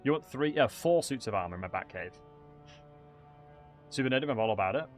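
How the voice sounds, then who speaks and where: A man casually talks through his game for viewers, wandering off into tangents with plenty of fillers and restarts. His voice sits at an ordinary middle pitch. Soft music plays quietly behind him. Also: animated, brisk. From England. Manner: rambling, chatty, many fillers and restarts, reacting to chat. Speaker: streamer. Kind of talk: casual gameplay commentary.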